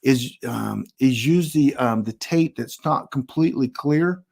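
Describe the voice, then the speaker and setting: A man's voice: mid-range voice, unhurried, vocal fry, darkish tone. A man giving a casual instructional talk on online privacy, emphatic and rambling, often repeating his warnings. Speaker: presenter giving a privacy tutorial.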